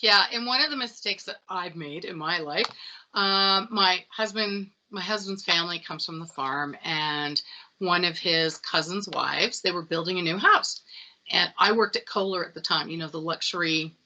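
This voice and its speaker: A middle-aged woman sales expert in a casual interview, telling stories with animated acted-out dialogue. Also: fairly low pitch, normal speed, poor audio. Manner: animated storytelling, acts out dialogue. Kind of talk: conversational interview.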